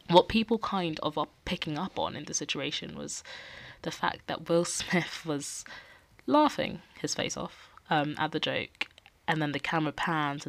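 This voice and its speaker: A young woman hosting a podcast, talking in a casual, animated way and acting out quotes. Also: deep voice, creaky. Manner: animated, acts out quoted people. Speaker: podcast host. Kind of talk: casual opinion talk.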